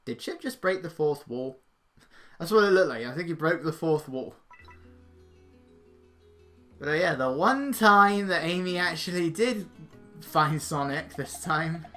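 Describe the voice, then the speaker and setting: A man's voice: on the high side, measured pace, long pauses, bright, forceful tone, faint music behind. A man casually commenting over gameplay, chatting, laughing now and then and reading game text aloud. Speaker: let's play host.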